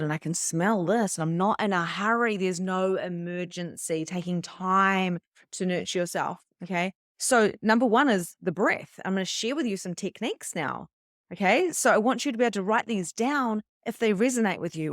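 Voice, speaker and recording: A middle-aged woman leads a live online spiritual workshop in a chatty, animated voice. She acts out her own moments of panic as she teaches. The sound is close and dry, with no room echo. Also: mid-range voice. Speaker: spiritual coach.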